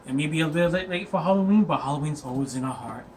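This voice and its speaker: A man's voice: fairly high pitch, fast talker, noisy background. A man chatting casually as a dungeon master, rambling and laughing with many fillers. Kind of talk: casual chat.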